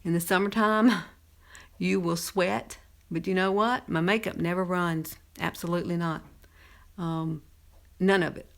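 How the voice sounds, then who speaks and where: Southern woman in her fifties, slightly low and chatty, easy makeup-tutorial talk with frequent laughs. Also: fairly even intonation, unhurried, vocal fry, pauses often. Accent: Southern American. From Southern United States. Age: 50s. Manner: chatty, laughs often, talks while applying makeup. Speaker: makeup presenter.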